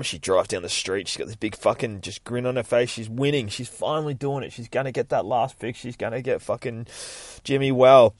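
A man's voice: mid-range voice, fairly quick, no echo. A man, casually recapping a comic book on his podcast, swearing constantly and rambling. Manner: profane, rambling, acts out characters in shifting voices. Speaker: podcast host.

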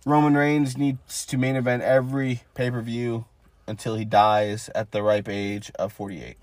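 A man's voice: mid-range voice, flat delivery, normal speed, dry recording. A man co-hosting a casual wrestling podcast, recapping matches blow by blow with many fillers. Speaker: podcast co-host.

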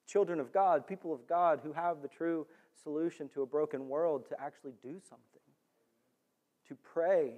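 A man preaching a sermon in an animated way, rising to near-shouts for emphasis. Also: a little high. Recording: long hall reverb.

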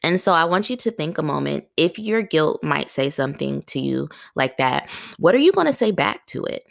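A woman's voice: lowish voice, gravelly, no room sound, studio quality. A woman hosting a solo podcast. She coaches listeners directly in an earnest way and laughs at her own jokes. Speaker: podcast host. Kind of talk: solo motivational podcast talk.

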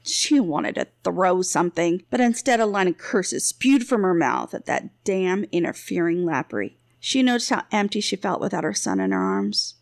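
Gravelly woman narrating a fantasy story. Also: on the low side, sing-song, moderate pace, hardly any pauses, dry recording, clean studio sound. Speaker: audiobook narrator.

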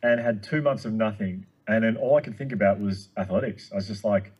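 Fast-talking excitable man, husky voice. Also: on the low side, dull audio. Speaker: guest speaker. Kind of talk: casual chat.

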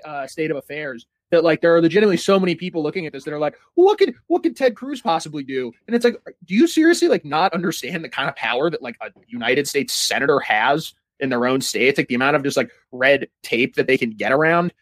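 A man's voice: fairly high pitch, animated, quick pace, hardly any pauses, a bit bright, no echo. A man in casual political chat, heated and profane, leaning on lots of filler words.

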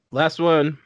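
A man hosting a casual podcast, running a party game with a relaxed, chuckling manner. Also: on the high side, no room sound, dull audio. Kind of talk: casual chat.

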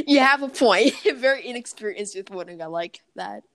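Chatty woman podcast host, quick laugh. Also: mid-range voice, a bit bright. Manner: chatty, self-correcting, laughs often. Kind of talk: casual chat.

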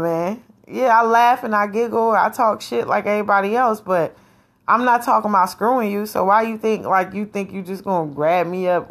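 A woman's voice: medium pitch, very animated, moderate pace. Woman vlogger, casual chat to camera, slangy, swears a lot, laughs often, rambling. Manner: frank and profane, laughs often.

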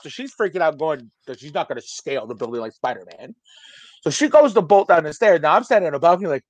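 A man in his forties tells a profane, animated story, jumping into the voices of the people in it. His voice sits high for a man. The sound is dry and close to the mic. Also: fast talker, no echo. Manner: profane, animated, acts out quotes. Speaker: storyteller guest. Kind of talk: casual podcast storytelling.

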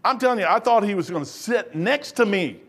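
A man in his sixties preaching a sermon in a folksy, animated way, swinging between quiet asides and loud bursts and acting out the voices in his stories. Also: sits high, fairly quick. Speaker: pastor.

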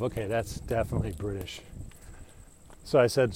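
A man's voice: lowish voice, normal speed, long pauses, a little mellow, slight background noise. A middle-aged American man telling a rambling, chatty story in a casual monologue, laughing often. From United States.

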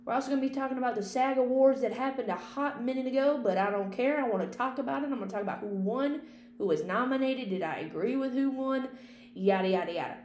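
A woman's voice: fairly high pitch, fast, darkish tone. A woman hosting a casual, unscripted podcast, rambling chattily about movies and swearing freely. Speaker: podcast host and film critic. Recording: echoey room with faint hum.

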